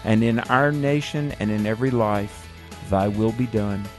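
A man co-hosting a prayer radio show, who speaks in a measured way and leads a closing prayer. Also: on the low side, soft background music. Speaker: radio co-host.

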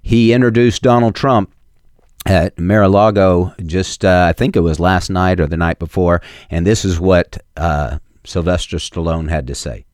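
A man's voice: sits low, fairly even intonation, normal speed, a little mellow, no echo. A male talk radio host delivering an emphatic, repetitive monologue into a studio microphone. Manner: emphatic and repetitive, mocking opponents in quoted voices.

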